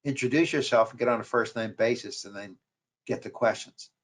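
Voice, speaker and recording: A man's voice: medium pitch, fairly quick. A man with a New York accent giving a webinar lecture on sales calls, repeating key points with emphasis. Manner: repetitive, emphatic coaching delivery. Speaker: marketing professor.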